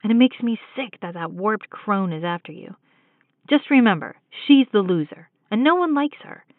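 A woman's voice: medium pitch, animated, normal speed, no echo, lightly acted. A woman voicing a loving, protective husband speaking over the phone. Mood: reassuring. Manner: soothing, protective. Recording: tinny phone line.

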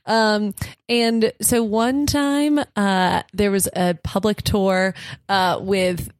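A woman's voice: mid-range voice, fairly even intonation, slow pace, no echo, studio quality. A young woman, a podcast guest, telling a comic story in a chatty way with lots of fillers and laughter. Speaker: podcast guest, museum educator. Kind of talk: casual comedic storytelling.

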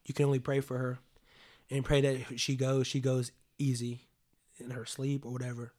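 A man's voice: medium pitch, monotone, normal speed, a little mellow. A man in his late twenties telling a personal story in a casual, rambling way, leaning on "like" and swearing freely. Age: 20s.

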